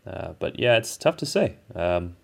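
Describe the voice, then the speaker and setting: A man's voice: low-pitched, very animated, a little slow, gravelly. A man hosting a podcast over a call, giving casual race analysis in a thoughtful, hedging way with frequent restarts. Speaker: podcast host. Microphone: remote call.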